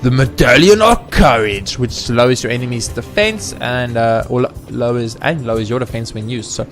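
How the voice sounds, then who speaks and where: A man hosting a let's play, chatting excitably and playfully about the game. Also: medium pitch, moderate pace. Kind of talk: gameplay commentary. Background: faint game music.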